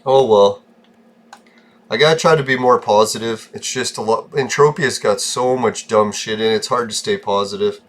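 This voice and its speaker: A gaming vlogger with a fairly low voice talks at an ordinary pace while playing. His commentary is casual but short-tempered, full of irritable rants and frequent swearing.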